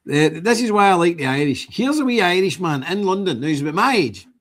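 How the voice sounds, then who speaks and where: A man's voice: high voice, lively intonation, a little fast, fairly bright tone. An older man, hosting a livestream and talking to his viewers in an indignant, rambling way, repeating himself as he goes. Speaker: livestream host.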